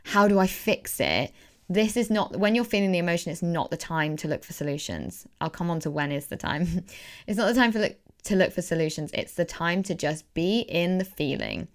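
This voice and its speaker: A woman's voice: on the low side, a little fast. A woman hosting her own podcast as a coach, talking in an earnest, reflective way and doubling words for emphasis. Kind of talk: casual solo podcast talk.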